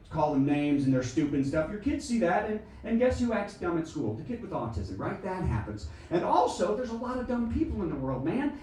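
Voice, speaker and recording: A middle-aged American comedian works a small theatre stage, his rather high voice leaping up and down as he acts things out. He sounds a little distant from the mic in a very echoey room, and audience laughter comes through behind him. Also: slight background noise. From United States. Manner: animated, exaggerated, acts out shrill voices. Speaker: stand-up comedian. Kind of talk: stand-up comedy set.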